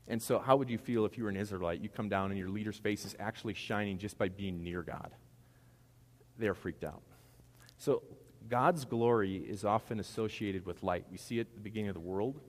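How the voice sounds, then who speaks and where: A man preaching a casual sermon, joking and asking the congregation questions. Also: lowish voice. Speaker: pastor. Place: church sanctuary. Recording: long church reverb.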